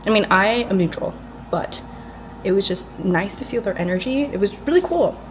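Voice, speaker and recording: A woman's voice: mid-range voice, expressive, brisk, background noise. A young woman from Boston, talking in a chatty, bubbly way to her vlog audience, with a lot of "like" and "you know". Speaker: vlogger. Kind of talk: casual vlog narration.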